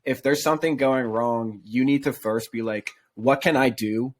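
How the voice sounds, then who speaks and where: A man with an ordinary mid-pitched voice hosting a casual podcast. He talks in a laid-back, buddy-to-buddy way, dropping "dude" and casual swears. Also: normal speed. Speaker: podcast host. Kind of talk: casual chat.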